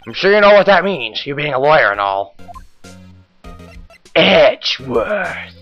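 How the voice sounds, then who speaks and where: A man's voice: on the high side, big pitch swings, measured pace, gravelly, lo-fi sound, faint music behind, full character voice. A man doing a gangster-talking tough detective. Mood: bossy. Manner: old-timey gangster talk, tacks on "pal" and "see?". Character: gruff tough-guy male police detective.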